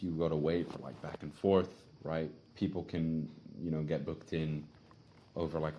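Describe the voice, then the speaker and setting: A man's voice: low-pitched, dark tone, slight background noise. A young man teaching appointment setting in a casual, conversational way, often checking in with "right?". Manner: conversational, frequent tag questions. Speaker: sales trainer. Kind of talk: casual instructional talk.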